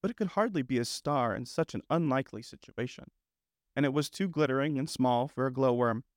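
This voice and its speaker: A man narrating a classic storybook in a measured, gentle, unhurried manner. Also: mid-range voice, no room sound, clean studio sound. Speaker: audiobook narrator.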